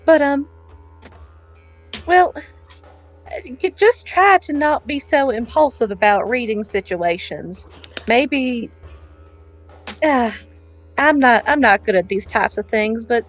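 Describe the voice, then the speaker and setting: A woman's voice: a little high, animated, slow, long pauses, faint music behind, exaggerated voice, rough recording. A woman doing a folksy motherly comforter. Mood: soothing. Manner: warm folksy drawl, hesitant, saying honey. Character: motherly older woman comforting a crying girl.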